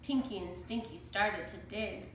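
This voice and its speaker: A woman reading a children's chapter book aloud in a slow, deliberate storytelling manner. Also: mid-range voice, reverberant, slight background noise, low-quality recording. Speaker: storybook reader.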